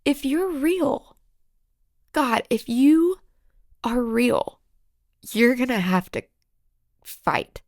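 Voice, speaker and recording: A woman with a fairly high, gravelly voice talks slowly and confessionally on her solo podcast. Her delivery is raw and halting and sometimes sinks to a whisper. The sound is close and dry. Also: very animated, darkish tone, no room sound. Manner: emotional, halting, drops into whispers. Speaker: podcast host.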